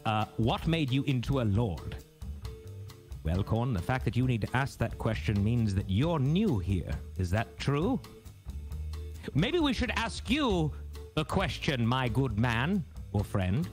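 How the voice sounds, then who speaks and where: A man banters through a live-stream intermission with mock-grand flair. His delivery bounces through a very lively pitch range. Faint music plays underneath him. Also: unhurried. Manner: mock-grand, theatrical, teasing. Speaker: intermission host reading chat. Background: jazzy background music.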